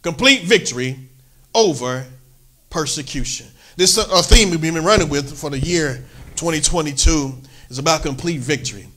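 A man's voice: fairly high pitch, normal speed, bright, forceful tone. A man preaching a sermon as pastor, emphatic, peppering his talk with "amen" and lifting his voice when he reads scripture aloud.

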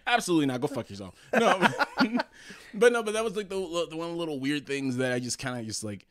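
A man's voice: a little high, lively intonation, a little fast, fairly bright tone, no echo, clean studio sound. A man co-hosting a podcast, telling rambling, profane stories in casual chat, full of restarts and laughs. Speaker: podcast co-host.

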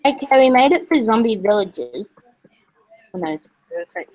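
A woman's voice: fairly high pitch, expressive, normal speed. A woman, hosting a casual gaming livestream from her kitchen, chatty and laughing often. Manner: chatty, laughing, frequent "jeez". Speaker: streamer, host. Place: kitchen at home. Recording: dull lo-fi sound.

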